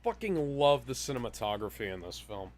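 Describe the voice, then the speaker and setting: Male podcast co-host, casual and profane, average pitch. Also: big pitch swings, brisk. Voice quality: profane, offhand and rambling. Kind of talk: casual movie chat.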